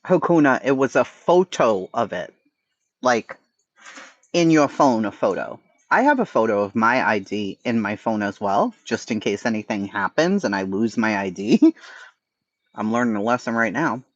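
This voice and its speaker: A man's voice: lowish voice, lively intonation, moderate pace, no echo, lo-fi sound. A man with a Boston accent hosting a casual livestream chat, blunt and profane, answering his chat. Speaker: livestream host.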